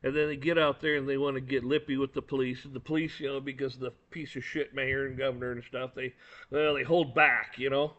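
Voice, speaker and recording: A man's voice: mid-range voice, little pitch movement, fairly quick, a bit bright. A man giving a blunt, profane and angry opinion rant, often stumbling and repeating words. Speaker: commentator. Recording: dull lo-fi recording.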